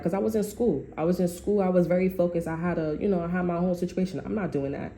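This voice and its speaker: A young woman talks through a tarot reading in a blunt, profane, animated way, wandering off into stories from her own life. Her voice sits low and mellow. The room around her is echoey, with a faint hum in the background. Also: fast, hardly any pauses. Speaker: tarot reader. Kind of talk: casual tarot reading monologue.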